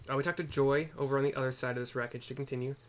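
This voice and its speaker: A man's voice: mid-range voice, fairly even intonation, rapid-fire, a little hiss or hum. A man giving casual, rambling commentary on a game playthrough and often correcting himself. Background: game music.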